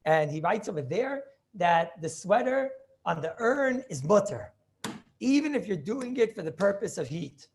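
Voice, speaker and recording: A man's voice: high-pitched, very animated, normal speed. A man teaching a Talmud class over a video call, thinking aloud with many restarts and questions to his students.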